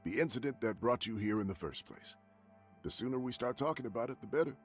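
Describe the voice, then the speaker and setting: An actor playing a calm male therapist, measured and formal, turning questions back on his patient. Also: medium pitch, soft background music, close to an everyday voice. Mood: firm.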